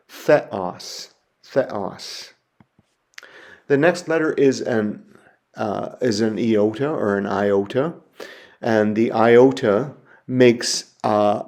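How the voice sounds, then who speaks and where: A man teaching a recorded lecture in a somewhat low voice. He speaks very slowly and methodically, pausing to sound out and repeat each example word. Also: darkish tone. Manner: slow, methodical, spelling sounds out and repeating words.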